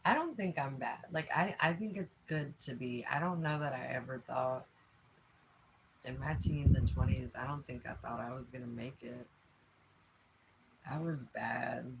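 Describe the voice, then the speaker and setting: Brief: late-40s woman, Philly accent, profane and frank, slow unhurried delivery, faint hiss. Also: very deep voice, gravelly. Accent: Philadelphia. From Philadelphia. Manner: frank, profane, laughs often. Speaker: livestream host. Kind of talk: casual livestream chat reading comments.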